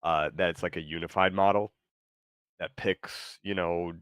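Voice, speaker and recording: A man with a low, deep voice hosts a casual chat with an AI. He talks in an easygoing, tentative way, often pausing mid-thought. The sound is dry and close. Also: fairly even intonation, a bit bright, clean tone, no room sound. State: tired, yawning. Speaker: show host.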